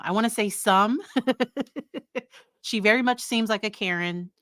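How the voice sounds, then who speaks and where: A woman psychologist hosts a live-stream commentary in a rather low voice. She talks conversationally, trailing off and restarting, and breaks into exasperated exclamations. The sound is close and dry. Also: sharp tone, clear, resonant tone, dry recording. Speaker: psychologist host.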